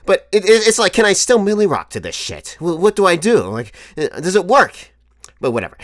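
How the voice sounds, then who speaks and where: A man in his twenties telling a comic story to camera as a vlogger, animated and profane, often laughing. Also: high-pitched, fairly quick, no room sound, clean studio sound. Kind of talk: comedic storytelling monologue.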